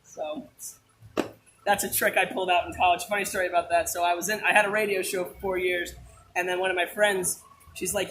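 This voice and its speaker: A man's voice: high-pitched, level tone, fairly quick, fairly bright tone, slight background noise, poor audio. Enthusiastic rambling young man. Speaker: guest, Disney fan. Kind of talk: casual chat. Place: outdoors at a theme park.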